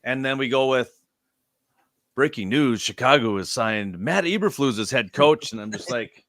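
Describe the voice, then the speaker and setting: Male co-host, mid-pitched and emphatic, casual sports-chat delivery, dry recording. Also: animated, moderate pace, a bit bright, no echo. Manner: opinionated, emphatic.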